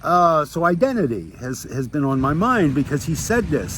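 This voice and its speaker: A man's voice: a little high, sing-song, normal speed, fairly bright tone. A man in his sixties talking casually into a handheld phone on a beach during a bike ride, wry and chatty, with many fillers and restarts and a slight breathlessness from cycling. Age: 60s. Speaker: vlogger. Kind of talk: casual rambling monologue. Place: outdoors on a beach. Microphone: handheld phone at arm's length. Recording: faint outdoor noise.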